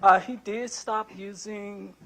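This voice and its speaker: A woman in her sixties, a prospective juror, answering questions in a courtroom in an earnest, soft-spoken, apologetic way. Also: medium pitch, fairly even intonation, takes it slowly. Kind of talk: answering jury selection questions.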